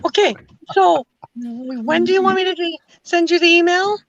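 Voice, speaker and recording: A woman's voice: extremely high pitch, lively intonation, normal speed, lo-fi sound. A woman co-hosting a casual group video chat, firing off teasing retorts. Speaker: co-host. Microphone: video call.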